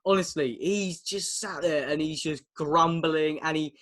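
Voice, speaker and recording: A man's voice: fairly high pitch, measured pace, a bit bright. A young man in his twenties with an English accent, co-hosting a casual podcast chat over a video call, chatty and laughing often as he tells stories. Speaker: podcast co-host.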